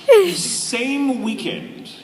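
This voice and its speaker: A man, a voice actor on a convention panel, telling a casual story to a live audience, animated and laughing often. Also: very high-pitched, extremely slow. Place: large convention hall. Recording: echoey hall, distant noisy mic.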